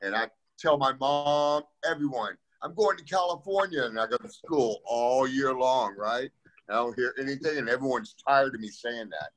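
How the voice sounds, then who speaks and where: A man guest telling a lively story in casual chat, acting out the voices of people he quotes. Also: medium pitch, moderate pace, low-quality recording. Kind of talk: animated storytelling.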